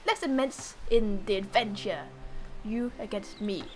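A woman's voice: medium pitch, a little slow, close to an everyday voice. A woman voicing an old, mysterious man who challenges a child to a board game, solemn and riddling.

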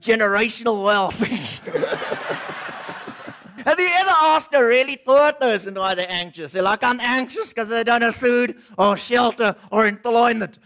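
A South African man voicing a cheeky, loudmouthed male puppet sidekick in a stand-up ventriloquism act, roasting with brash, mocking banter. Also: very high voice, normal speed.

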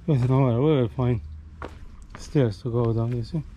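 A man's voice: mid-range voice, steady tone, moderate pace, noisy background. Chatty Maltese man hiking outdoors. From Malta. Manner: chatty, ends phrases with "eh?". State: tired, at times out of breath. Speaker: hiker vlogger. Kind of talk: casual walking vlog commentary.

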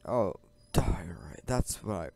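A man's voice: low voice, expressive, slow pace, gravelly, mellow, no room sound. A man in casual gaming commentary, chatty and easily distracted, talking into a headset from his computer chair at home. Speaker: gaming channel host.

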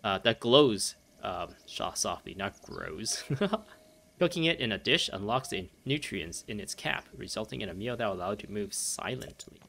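A man's voice: lowish voice, expressive, moderate pace, vocal fry, sharp tone. A man giving casual let's play commentary, rambling and easily distracted, laughing often as he plays. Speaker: gameplay commentator.

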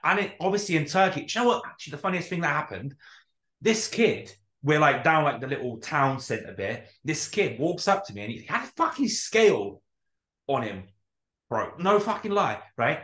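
A man's voice: a little high, normal speed. A man co-hosting a podcast, telling stories in casual chat, swearing freely and acting out what people said. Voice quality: animated storyteller, swears freely, acts out quotes. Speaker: podcast co-host. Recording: roomy echo.

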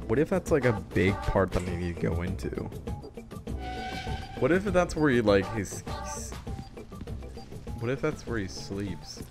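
A woman giving commentary on a horror game, muttering to herself and screaming at it when chased. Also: extremely low pitch. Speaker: gamer. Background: game music.

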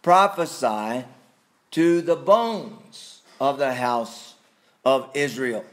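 A man preaching a sermon, slow and deliberate, with sudden emphatic rises and quiet asides. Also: mid-range voice. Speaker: pastor.

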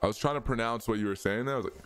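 A young male streamer talks through a racing game in a loose, chatty way, reading and answering comments from his viewers. His voice sits at an ordinary middle pitch, with faint game music under it. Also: very fast, a bit bright, smooth. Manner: casual, chatty, reads out viewer chat.

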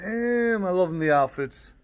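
A man's voice: high-pitched, expressive, a little slow. A man co-hosting a record store vlog, joking, teasing and swearing in casual banter.

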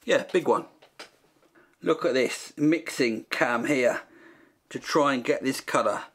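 A man's voice: mid-range voice, measured pace, fairly bright tone. A man hosting a comic paint-along video, talking in a dry, joking way and making jokey asides to himself. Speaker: host painting a copy of a famous artwork.

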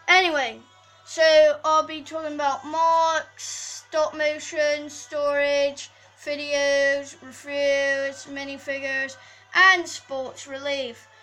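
A woman's voice: high voice, a bit bright, rough recording. A preteen girl hosting a casual video update from her bedroom, rambling and apologizing often, with many fillers. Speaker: channel host. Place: bedroom at home.

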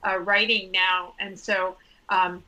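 A woman guest on a comedy podcast, excitable and laughing, often restarting her sentences. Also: mid-range voice, slow, rough recording. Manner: excitable, laughing, self-interrupting. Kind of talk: casual comedic chat.

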